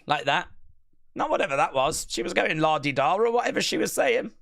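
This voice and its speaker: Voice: medium pitch, lively intonation, a little fast, gravelly, a bit bright. A live stream host chatting casually during a watch-along, playfully reading out viewer comments. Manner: chatty, playful, reads chat comments aloud.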